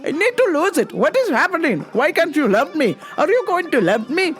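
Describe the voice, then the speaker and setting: A woman's voice: sits high, sing-song, brisk, voice pushed up. A woman voicing a rude, demanding middle-aged woman customer who repeats herself insistently.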